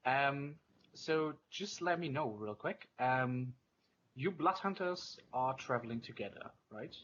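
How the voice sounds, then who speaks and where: A man acting as game master in a relaxed online tabletop session. He speaks at an ordinary middle pitch, easygoing, with plenty of fillers and the odd swear. The voice sounds a little muffled, with faint hiss behind it. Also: slow. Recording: muffled lo-fi voice chat.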